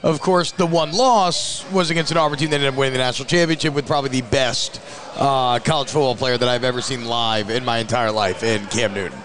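A man's voice: medium pitch, a little fast, a crowd in the background. A man co-hosting a sports talk show, joking and brash, recorded in a restaurant. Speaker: sports show co-host, former player.

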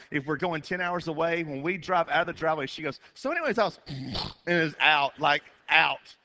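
Animated storytelling man, bright voice. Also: fairly high pitch. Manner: animated, with sudden shouted bursts and quick asides. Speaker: comedian. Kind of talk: storytelling stand-up.

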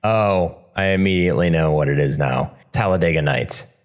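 A man co-hosting a casual movie trivia podcast, easygoing and animated. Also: low-pitched, normal speed. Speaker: podcast co-host.

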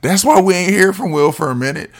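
A man's voice: high-pitched, quick pace. A man hosting his own podcast, talking alone in a casual, profane and emphatic rant. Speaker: podcast host.

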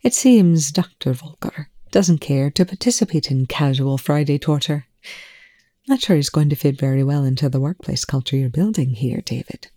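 A coolly cutting, sarcastic male scientist, as the reader puts him on, every line laced with polite contempt. The voice is mellow and dark in tone. The recording is dry and close. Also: medium pitch, normal speed, dry recording, natural voice. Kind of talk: audiobook-style fan fiction reading.

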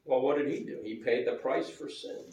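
A man's voice: medium pitch, a little fast, creaky, darkish tone, a little hiss or hum. A male pastor preaching a sermon in a conversational way, asking the congregation questions. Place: church sanctuary. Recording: roomy church hall, mic at a distance.

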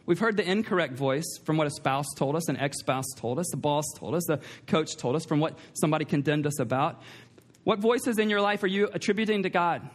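A man with a high voice preaching a sermon in a church. He speaks emphatically, repeats his key lines and puts questions to the congregation. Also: brisk. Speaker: pastor. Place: church sanctuary.

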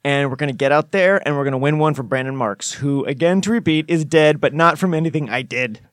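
A man playing a flustered, evasive high school football coach at a press conference, rambling defensively with nervous laughs. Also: fairly quick, no room sound, clean studio sound, natural voice. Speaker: podcast co-host.

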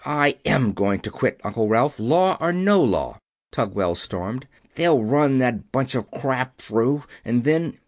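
A man's voice: fairly high pitch, big pitch swings, a little slow, dry recording, studio quality. A man voicing a hot-tempered, swearing young factory inspector in an audiobook. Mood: angry. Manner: angry, swearing. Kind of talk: audiobook character voice.

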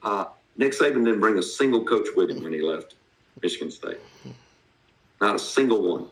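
A man with a strong Southern accent, co-hosting a casual sports podcast in a blunt, salty, animated way. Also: on the low side, normal speed, roomy sound, poor audio. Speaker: podcast co-host.

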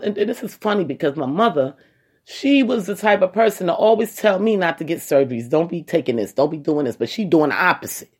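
A woman telling a personal story to her viewers in a casual, animated way, talking straight to them and acting out what people said. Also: lowish voice, husky. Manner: animated, acts out quoted voices; colloquial, addresses listeners as y'all.

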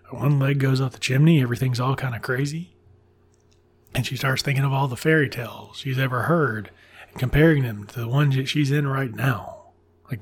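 A man's voice: mid-range voice, husky. A man casually retelling a classic children's story in a sardonic, irreverent way, swearing freely as he goes.

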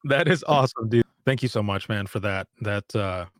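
A man hosting a podcast interview, relaxed and friendly, with short affirmations. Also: fairly low pitch, moderate pace, no echo, clean studio sound. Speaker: podcast host. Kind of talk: casual interview chat.

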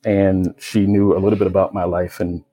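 A young American man tells his own story in a low, steady voice that barely rises or falls. His tone is dark and mellow with a husky edge. He talks in a reflective, unhurried way, with plenty of casual fillers. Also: no room sound, low-quality recording. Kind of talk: personal testimony.

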